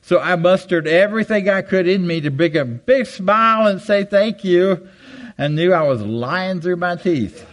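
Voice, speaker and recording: A man's voice: normal speed, hardly any pauses, rough recording. Older man telling stories to an audience. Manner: animated, jumps high for quoted voices; self-deprecating humor. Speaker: guest speaker. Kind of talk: storytelling talk to a live audience. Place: hall with audience. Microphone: handheld microphone.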